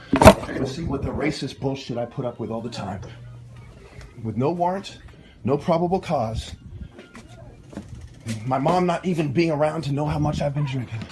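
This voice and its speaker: A man's voice: mid-range voice, noisy background. A man filming a heated family argument, talking in an insistent, lecturing way. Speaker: son filming an argument with his mother and police. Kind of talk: heated home recording.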